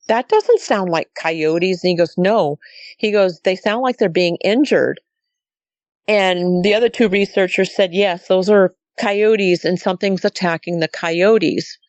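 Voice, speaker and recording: A woman's voice: fairly low pitch, dry recording. A woman recounting an outdoor night story in chatty storytelling style, from Montana, often quoting others with "he goes" and "I said". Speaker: guest telling a sighting story. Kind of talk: casual storytelling.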